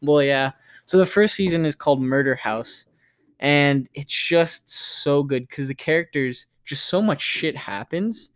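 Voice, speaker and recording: Smooth-voiced, gushing casual male podcaster. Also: a little high, measured pace. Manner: enthusiastic, rambling, gushing. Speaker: podcast co-host. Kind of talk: casual chat.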